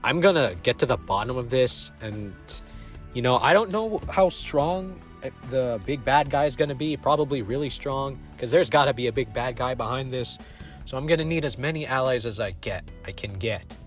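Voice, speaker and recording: A man's voice: mid-range voice, animated, normal speed, soft background music, close to an everyday voice. A man voicing a smug, scheming young male detective, talking casually in close to his own voice.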